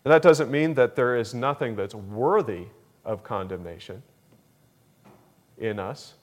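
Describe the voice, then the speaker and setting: Slow, deliberate male preacher. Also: mid-range voice. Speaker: pastor. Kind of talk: sermon.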